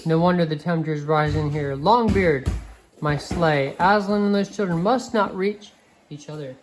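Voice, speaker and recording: Storybook voice of a wicked witch queen who snaps orders and tempts with sweets, as a woman reads her aloud. The voice sits low and carries a little louder than the narration around it. It speaks with cold, queenly command. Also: moderate pace, faint music behind, close to an everyday voice. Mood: snapping. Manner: snapping, tempting.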